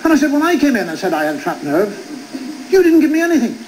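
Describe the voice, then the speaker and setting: A man in his fifties delivers a wry stand-up monologue, his fairly high voice leaping up and down as he acts out both sides of each exchange. The sound comes from an old television broadcast with a clear layer of noise underneath. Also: big pitch swings, fast. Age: 50s. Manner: wry storytelling, acting out both sides of dialogues. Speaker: stand-up comedian.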